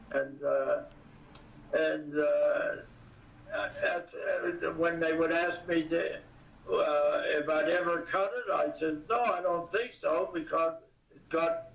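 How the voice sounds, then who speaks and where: An older man, a comedian guest in an interview, talking in a halting way with many pauses and fillers, recorded from a distance. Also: on the high side, creaky. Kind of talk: casual interview. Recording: distant, echoey, dull audio.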